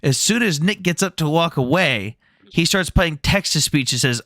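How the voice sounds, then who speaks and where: Bright animated man telling stories. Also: on the high side, normal speed, no echo, clean studio sound. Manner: animated storyteller, mimics others' voices. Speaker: livestream debate host. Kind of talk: casual livestream chat.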